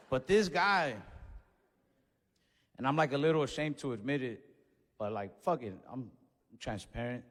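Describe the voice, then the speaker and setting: A young man telling a stand-up story in a laid-back, conversational way, now and then shouting a punchline. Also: medium pitch, measured pace, long pauses. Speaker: stand-up comedian. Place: comedy club stage with audience. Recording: live venue with long reverb, faint room noise.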